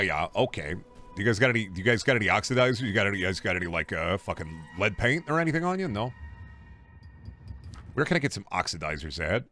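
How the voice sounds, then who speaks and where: A man streaming a game, chatting casually with viewers in animated, profane bursts. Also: on the low side, quick pace, a little hiss or hum. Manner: animated, swearing, mock-scolding outbursts. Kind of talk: casual gameplay commentary.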